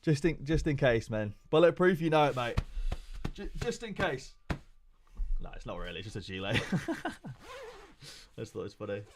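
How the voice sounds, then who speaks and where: On a live stream, a young man jokes with his viewers in casual, profanity-heavy banter with chat. His mid-range voice is expressive and brisk, and there's a little hiss or hum in the audio.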